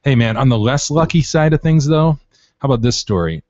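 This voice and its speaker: A man's voice: mid-range voice, lively intonation, a little fast, a little mellow, no echo, lo-fi sound. A man co-hosting a casual podcast, telling news stories in a loose, laughing way and swearing freely. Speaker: podcast co-host.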